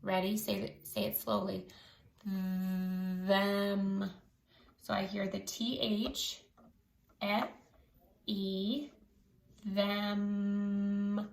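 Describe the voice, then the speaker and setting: A woman teacher giving a slow phonics lesson to children, stretching out each sound clearly. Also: medium pitch, flat delivery. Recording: echoey room.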